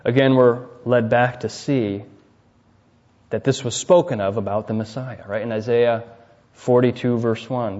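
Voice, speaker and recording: A man preaching a sermon who keeps checking in with listeners with "right?" and swings from loud emphatic peaks to quiet dropped endings. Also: medium pitch, steady tone, unhurried. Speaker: pastor. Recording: dull, reverberant hall recording.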